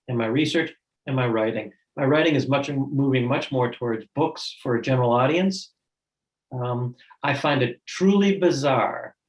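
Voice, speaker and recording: A tenured male professor speaking bluntly in a panel discussion over a video call. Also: medium pitch. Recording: echoey room.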